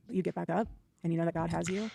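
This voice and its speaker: A woman's voice: lowish voice, fairly even intonation, very fast, creaky, warm tone, a little hiss or hum. A woman speaking earnestly and defiantly in a faith-based question-and-answer session. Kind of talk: earnest personal testimony.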